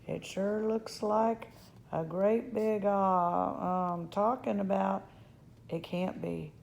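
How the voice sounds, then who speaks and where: A woman doing a gruff drawling cowboy. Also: mid-range voice, steady tone. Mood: bewildered. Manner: slow, drawling, loud exclamations. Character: tiny gruff male cowboy, wary and bewildered.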